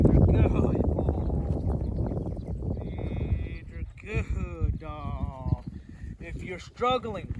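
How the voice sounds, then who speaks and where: A man teaching dog training outdoors, explaining steps and calling commands and praise to the dog. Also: high-pitched. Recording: distant, noisy outdoor camera audio.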